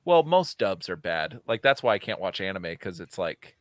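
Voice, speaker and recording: A man's voice: deep voice, sing-song, normal speed, dry recording, studio quality. A middle-aged man co-hosting a podcast in casual chat, laughing often, swearing and bantering. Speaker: podcast co-host.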